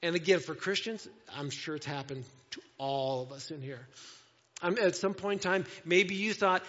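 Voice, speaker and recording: A man preaching a sermon to a congregation, animated, often acting out voices in quotes. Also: on the high side, moderate pace. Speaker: pastor. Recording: dull sound with long hall reverb.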